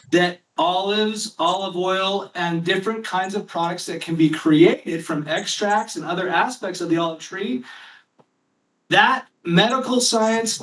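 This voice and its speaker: High-voiced man explaining a business idea. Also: fairly bright tone. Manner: explanatory, rhetorical questions. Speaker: company presenter. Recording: echoey room, mic at a distance.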